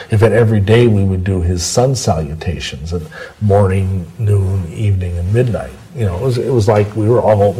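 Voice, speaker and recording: A man with a very low, husky voice and a mellow, dark tone, answering questions in a long interview. He talks in a rambling, digressive way. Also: low-quality recording. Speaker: interview guest. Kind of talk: long-form interview, storytelling.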